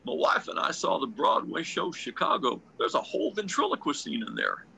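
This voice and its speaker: A man doing an impression of a charming older head of state, speaking in a breathy, hushed voice. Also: on the high side, huge pitch swings, brisk, pitched above the performer's own voice, heavily acted.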